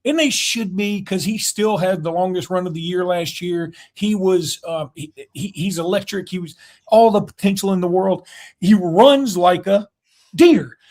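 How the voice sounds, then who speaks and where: Animated man talking sports. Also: high voice, unhurried. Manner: animated, jokey, emphatic. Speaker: podcast co-host. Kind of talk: casual sports talk.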